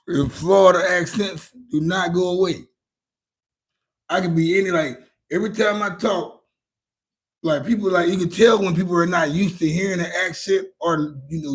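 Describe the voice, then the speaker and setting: A man's voice: sits high, husky. A middle-aged man with a Louisiana accent, chatting casually with his stream audience in a laid-back, rambling, profane way. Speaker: livestream host answering chat. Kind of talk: casual chat.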